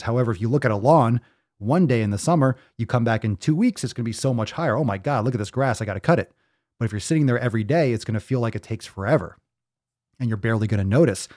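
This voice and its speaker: A man hosts a fitness live stream in a mid-pitched voice, reacting to viewer posts with blunt, profane emphasis. He hammers his points by repeating them. The sound is dry and close, with no room around it. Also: mellow, dry recording. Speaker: fitness podcast host.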